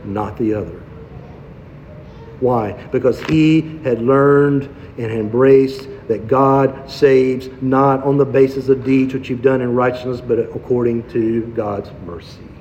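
A man's voice: medium pitch, fairly even intonation, a little slow, hardly any pauses, a little mellow, a little hiss or hum. A male preacher giving an expository sermon, posing rhetorical questions and driving points home by repetition. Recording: dull sound with long hall reverb.

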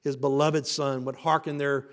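A male pastor preaching an expository sermon, building to emphatic rising passages and then dropping low. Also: level tone, normal speed. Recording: reverberant hall.

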